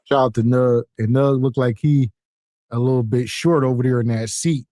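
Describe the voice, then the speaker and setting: A man's voice: medium pitch, steady tone, moderate pace, warm tone, dry recording, clean studio sound. A man hosting a podcast, joking about a video clip in a laid-back way and chuckling as he talks. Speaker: podcast host. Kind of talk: casual commentary on a video clip.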